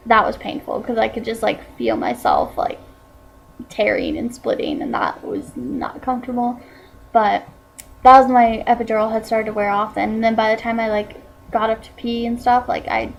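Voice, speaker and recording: Vocal-fry teen girl chatting. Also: on the high side, slight background noise, poor audio. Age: teens. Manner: chatty, full of "like" and "um" fillers. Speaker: vlogger. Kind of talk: casual personal story.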